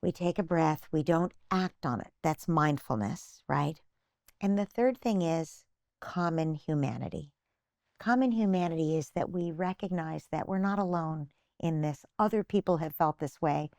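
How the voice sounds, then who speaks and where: A woman's voice: sits low, normal speed, a little mellow, no echo, clean studio sound. An older woman, a psychotherapist being interviewed, patiently explaining parenting advice and acting out little imagined phrases. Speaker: guest psychotherapist.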